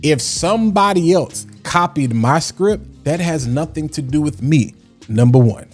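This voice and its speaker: A man's voice: a little high, animated, measured pace, faint music behind. A man hosting a casual livestream, talking in a preachy way and repeating lines for emphasis. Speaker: livestream host.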